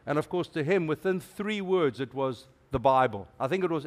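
A middle-aged man, preaching a sermon as a guest preacher in an animated, emphatic way with playful asides. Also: fairly high pitch, normal speed.

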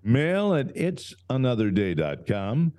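Blunt, wisecracking male co-host, mellow tone, dry sound. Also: medium pitch, very animated, measured pace, dry recording. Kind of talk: casual political talk show banter.

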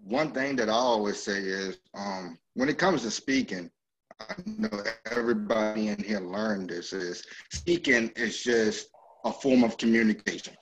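A man on a podcast panel, speaking loudly and passionately about natural speaking. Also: fairly low pitch, lively intonation, unhurried, slight background noise, poor audio. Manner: loud and passionate, emphatic. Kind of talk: casual group chat.

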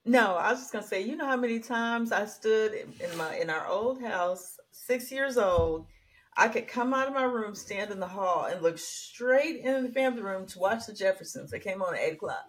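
A woman co-hosting a podcast in casual chat, telling lively stories with emphatic turns and laughs. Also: medium pitch, normal speed. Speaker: podcast co-host.

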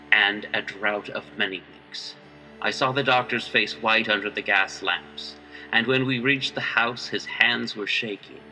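A man's voice: on the low side, sharp tone, recorded from a distance, low-quality recording. A man reading a horror story aloud with dramatic narration. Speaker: reader.

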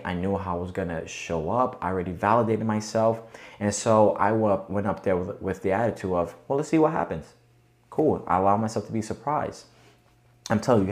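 A man's voice: fairly low pitch, a little mellow. A man hosting a podcast, talking casually and coaching listeners with frequent rhetorical check-ins. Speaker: podcast host. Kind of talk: casual motivational monologue.

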